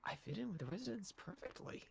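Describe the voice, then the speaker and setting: A man's voice: high voice, big pitch swings, fast, creaky, noisy background, voice pushed up, heavily acted. A man voicing a shameless young male grey wolf who dropped out of school, speaking in a dry, matter-of-fact way. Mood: deadpan.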